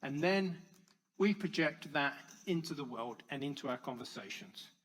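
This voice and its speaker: A man speaking as a conference speaker, telling stories to an audience and swinging between loud stressed lines and soft quiet ones. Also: fairly high pitch, animated, normal speed, a little hiss or hum, low-quality recording. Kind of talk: public talk to an audience.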